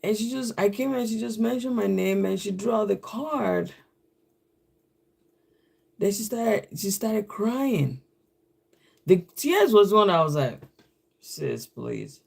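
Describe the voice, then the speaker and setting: Slow, gravelly man telling a story on a live stream. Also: high-pitched, expressive, a little mellow. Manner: rambling, storytelling. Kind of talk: casual live-stream chat.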